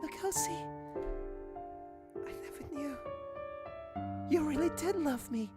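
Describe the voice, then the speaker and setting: A man's voice: very high voice, expressive, slow, voice pushed up, full character voice. A man voicing a tender young female rabbit, improvising an earnest love confession in a pleading voice. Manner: earnest, pleading, ad-libbed dramatic. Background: emotional music.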